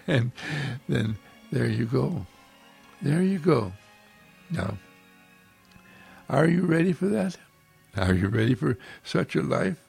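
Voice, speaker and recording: A man's voice: fairly high pitch, vocal fry, darkish tone, slightly rough. A man giving an inspirational spiritual talk, full of effusive repetition and rhetorical questions. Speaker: spiritual practitioner giving uplifting talks.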